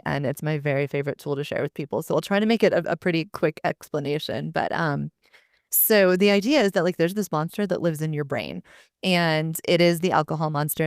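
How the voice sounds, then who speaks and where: Lively gravelly-voiced woman podcaster. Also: lowish voice, no echo, studio quality. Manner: animated, blunt, swears freely. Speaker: podcast co-host. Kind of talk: casual podcast chat.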